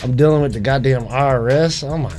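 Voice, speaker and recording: A man's voice: mid-range voice, brisk, music in the background. A man guesting on a podcast who tells his stories in an exasperated, profane way. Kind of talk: casual podcast chat.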